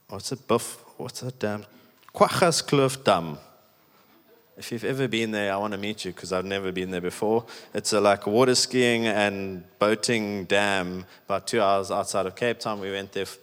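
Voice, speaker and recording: Pastor preaching in echoey hall. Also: male voice, lowish voice, a bit bright, smooth. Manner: conversational, emphatic preaching with many "like"s. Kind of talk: sermon. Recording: echoey hall with long reverb.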